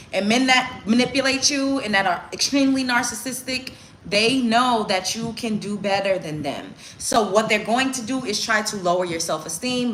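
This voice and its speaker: A woman's voice: a little high, bright, forceful tone. A woman in her twenties giving relationship advice in a casual get-ready-with-me stream, stressing points by repeating them. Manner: emphatic, repeats phrases for stress. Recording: echoey room with faint hiss.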